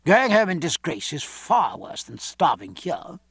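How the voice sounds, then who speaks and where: A man's voice: a little high, very animated, unhurried, creaky, a bit bright, husky, dry recording, studio quality, voice pushed up, full character voice. A man reading the part of a pompous, sneering male envoy in a raised, haughty tone. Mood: scornful.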